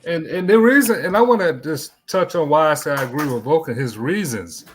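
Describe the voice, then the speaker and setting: A man hosting a casual podcast debate, steering the talk back to his question with halting restarts. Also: on the high side, lively intonation, slight background noise. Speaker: podcast host and moderator. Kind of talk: casual debate among friends.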